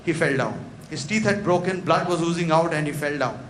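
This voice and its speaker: A man's voice: on the high side, a little fast, fairly bright tone. A man giving a motivational talk, telling a story dramatically and acting out its dialogue in a large event hall. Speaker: motivational speaker. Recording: echoey hall with faint noise.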